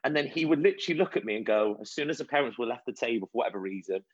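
A man's voice: mid-range voice, fast, hardly any pauses, husky, no room sound. A man who works as a children's nutrition coach, answering interview questions in a chatty, anecdotal way. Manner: chatty, anecdotal, animated storytelling. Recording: dull, lo-fi sound.

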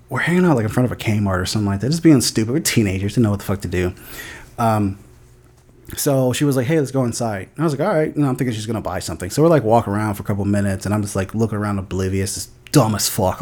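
A man in his thirties co-hosts a podcast with easygoing, profane chatter. His voice sits at an ordinary middle pitch as he strings stories together with plenty of fillers. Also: a little mellow. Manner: loose storytelling with frequent swearing and fillers. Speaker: podcast co-host. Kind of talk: casual chat and anecdote.

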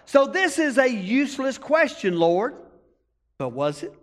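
A man's voice: very high voice, big pitch swings, measured pace, long reverb tail. A male pastor preaching a sermon in an emphatic, rhetorical way.

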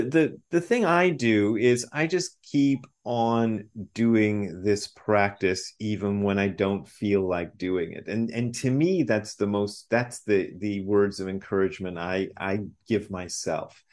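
Low-pitched male guest in his fifties, a Zen priest who talks in halting, self-correcting bursts and laughs easily. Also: a little mellow. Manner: halting, repeats words, laughs often. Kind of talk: casual interview talk.

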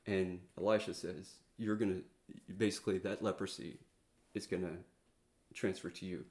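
A man's voice: deep voice, steady tone, moderate pace, a little mellow. A man preaching a sermon in a casual, conversational way, retelling a story with many fillers and restarts and acting out the quotes.

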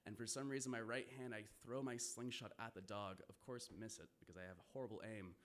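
A man with a bright, forceful voice tells a lively first-person story on stage. He swears freely and breaks into laughter now and then as he builds the tension. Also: fairly low pitch, fairly quick.

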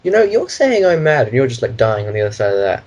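Husky-voiced man rambling casually. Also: mid-range voice, very animated, quick pace, darkish tone, rough recording. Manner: rambling, meandering explanations. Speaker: podcast co-host. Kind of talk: casual chat.

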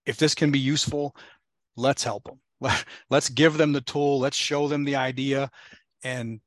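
Relaxed, thoughtful man hosting a podcast. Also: mid-range voice, unhurried, no echo. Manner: thoughtful, rambling, laughs easily. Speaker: podcast host. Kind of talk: casual interview conversation.

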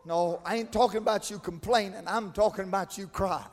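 A preacher with a strikingly high voice delivers a sermon, rising into shouted, sung-out climaxes before falling back to quiet asides. His voice rings with the long reverb of a large church hall. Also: a little fast. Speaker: pastor.

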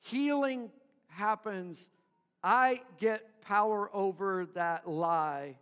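A man's voice: sits high, drawn-out words, a bit bright, clear, resonant tone, big-room sound. A man preaching a sermon to his congregation in church, calling for responses and having them repeat after him. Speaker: pastor.

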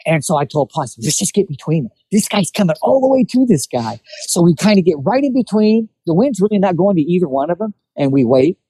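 A man's voice: sits high, quick pace, hardly any pauses, breathy edge, low-quality recording. A man telling a hunting story in a casual chat, acting out what people said. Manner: animated storyteller acting out quotes. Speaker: guest telling hunting stories.

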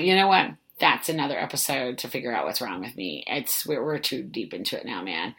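A woman's voice: rumbling low, lively intonation, brisk, hardly any pauses, fairly bright tone, slight background noise. A woman hosting a podcast, telling a story in a rambling, self-mocking way, full of "like" and casual swearing. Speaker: podcast host. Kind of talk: casual solo storytelling monologue.

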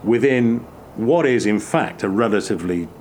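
Man with an English Midlands accent, low-pitched, thoughtful conversational host. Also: normal speed, a little hiss or hum. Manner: reflective, many restarts, animated bursts. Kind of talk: casual chat.

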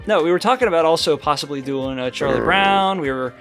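A man's voice: on the high side, expressive, brisk, gravelly, a bit bright, faint music behind. A man co-hosting a comedy podcast, rambling in casual banter and laughing often. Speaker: podcast co-host.

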